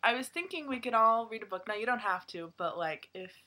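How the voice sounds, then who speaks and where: A young woman chats casually on a vlog, retelling a story from her job and putting on the voices of the people she quotes. Her tone is bright, with a slightly husky edge. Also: a little high, fairly quick. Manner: animated, acts out customers in quoted voices. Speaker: vlogger telling a work story.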